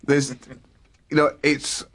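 A man's voice: a little high, monotone, slow, fairly bright tone. A man co-hosting a podcast, talking in a rambling, hesitant way with many fillers. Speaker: podcast co-host. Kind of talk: casual chat.

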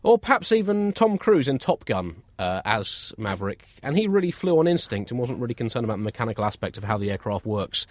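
A man's voice: medium pitch, big pitch swings, fairly quick, hardly any pauses, no echo. A man co-hosting a satirical comedy show, delivering dry, absurdist jokes. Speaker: comedy co-host.

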